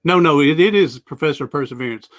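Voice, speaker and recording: A man's voice: a little high, expressive, fast. A man, a guest talking in an easygoing, rambling way over a video call. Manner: easygoing, rambling with frequent "uh" and restarts. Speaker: guest, motivational speaker. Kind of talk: casual interview chat.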